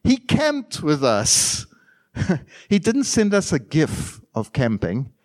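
Animated male preacher with lively pitch. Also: slow. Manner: animated preaching with sudden loud bursts and quiet asides. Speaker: pastor. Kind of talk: sermon.

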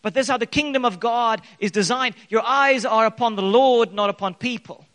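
A man preaching a sermon in an animated way, his voice echoing in a church hall. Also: very high voice, brisk. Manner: animated preaching with bursts of loud acted quotes. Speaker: pastor. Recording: long hall reverb.

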